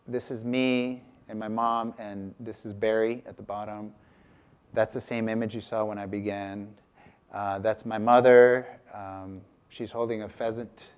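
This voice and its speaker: A man's voice: on the low side, darkish tone, clean tone. A man giving a casual artist talk to an audience, chatty, breaking off mid-sentence and asking the room questions. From United States. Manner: chatty, self-interrupting, asks the audience questions.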